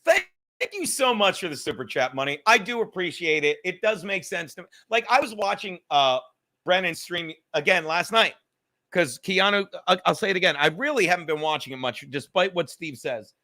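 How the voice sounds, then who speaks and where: High, bright-voiced man ranting profanely. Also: moderate pace. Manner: profane, rambling, animated. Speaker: livestream host. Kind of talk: casual livestream rant.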